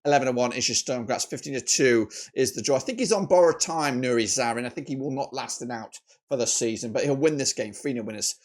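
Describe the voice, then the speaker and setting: A man hosting a football predictions video in a chatty, animated way, often correcting himself. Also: fast talker, hardly any pauses. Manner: animated, with frequent jumps in pitch and loudness; chatty, with filler "uh"s and self-corrections. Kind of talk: casual match-prediction commentary.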